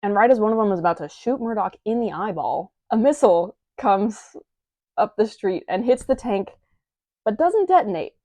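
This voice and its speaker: A woman's voice: mid-range voice, lively intonation, normal speed, warm tone, no echo. A young woman reviewing a manga in a chatty, wry manner with playful asides, reading from a script.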